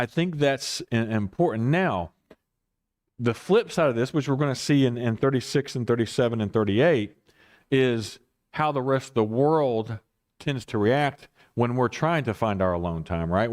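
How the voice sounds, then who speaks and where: A man leading a casual Bible study as pastor, rambling and correcting himself with chuckling asides. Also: mid-range voice.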